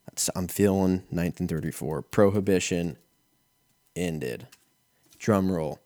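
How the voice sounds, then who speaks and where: A podcast host in his thirties tells rambling, profane, self-mocking comic stories in a casual way. His voice is low-pitched and darkish, recorded in studio quality with no echo.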